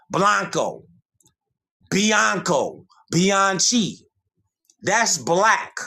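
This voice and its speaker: Male livestream host; slow, lively, preachy lecturer who reads passages aloud. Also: high-pitched. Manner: preachy, repeats points for emphasis, reads from screen. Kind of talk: livestream monologue lecturing on history.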